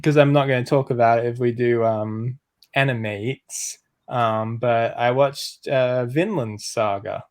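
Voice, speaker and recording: A man's voice: mid-range voice, steady tone, unhurried, no echo. A man hosting a casual group podcast, talking loosely with many fillers as he steers the topics. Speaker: podcast host. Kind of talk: casual chat.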